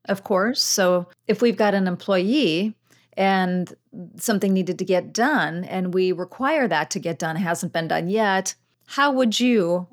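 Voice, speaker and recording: A woman hosting a conversational interview, who thinks out loud and sums up her guest's ideas. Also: medium pitch. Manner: reflective, affirming listener who sums up ideas. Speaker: podcast host.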